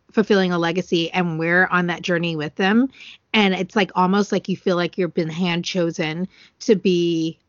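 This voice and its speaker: A woman's voice: on the low side, no room sound, lo-fi sound. A woman co-hosting a podcast in casual chat, earnest and emotional, talking with many fillers and getting teary. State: tearful. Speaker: podcast co-host.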